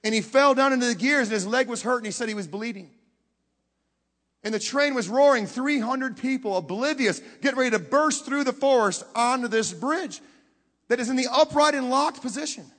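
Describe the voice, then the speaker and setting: A man with a high voice preaches with dramatic swings between hushed moments and loud outbursts. He keeps putting questions to the audience as he tells his story. His voice rings out with a long reverb, as in a large hall. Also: a little fast. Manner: talks directly to the audience with questions. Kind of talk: sermon.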